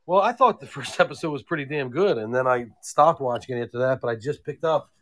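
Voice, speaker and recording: A man's voice: mid-range voice, animated, fairly quick, a bit bright. A man co-hosting a podcast over a phone call, blunt and teasing, swearing freely. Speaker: podcast co-host. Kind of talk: casual chat.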